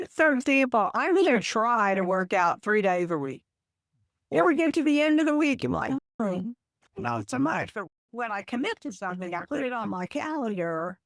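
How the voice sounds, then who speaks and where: Woman coach on a podcast, calm and explaining stuff, dry close sound. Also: medium pitch, dry recording. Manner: measured, explanatory, gives examples. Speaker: podcast guest, communication coach. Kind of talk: conversational interview.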